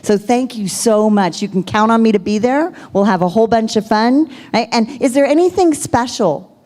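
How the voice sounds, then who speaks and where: A woman on a video call, showing trainees the upbeat pitch she uses for booking. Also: lively intonation, moderate pace, darkish tone. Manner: upbeat, demonstrates scripts. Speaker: sales trainer. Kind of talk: role-played sales pitch.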